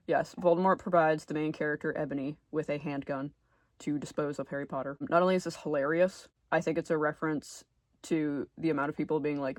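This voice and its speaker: A man giving a casual commentary video essay, chatty and full of fillers, often trailing off quietly at the ends of phrases. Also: on the high side, steady tone, moderate pace, no echo, studio quality.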